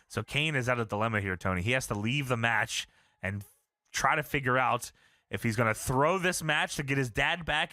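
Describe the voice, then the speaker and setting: A fairly high-pitched man co-hosts a podcast in a studio-quality recording without echo. His wrestling recap comes across as animated and profane, with lots of laughter.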